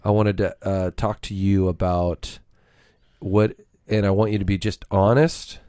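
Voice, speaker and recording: A man's voice: low voice, flat delivery, a little slow, mellow, smooth, dry recording, studio quality. A middle-aged man hosting a podcast, talking in a laid-back, rambling, casual way. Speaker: podcast host, father.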